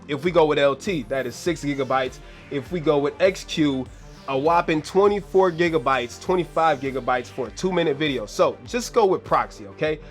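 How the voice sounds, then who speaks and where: A man hosting a casual video editing tutorial, talking slangy and laid-back to his viewers while losing his voice. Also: a little high. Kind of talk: casual screen-recorded tutorial.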